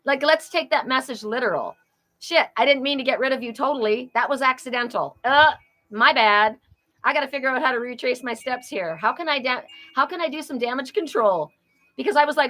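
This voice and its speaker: A woman hosting a live spiritual card reading, talking in a chatty, animated way with frequent exclamations. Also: sits high, brisk, low-quality recording. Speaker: oracle card reader and host.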